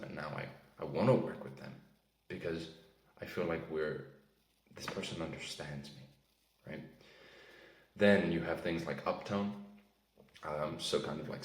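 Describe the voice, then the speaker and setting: A man's voice: very deep voice, echoey room, rough recording. A man coaching on sales in a casual teaching talk, often checking in with "right?" and "okay?". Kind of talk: instructional talk to camera.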